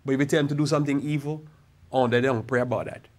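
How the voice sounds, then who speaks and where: A man preaching a sermon as a pastor, speaking casually with stories and slow, stretched emphasis on key phrases. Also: mid-range voice, fairly even intonation. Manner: conversational preaching with church storytelling asides. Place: church sanctuary.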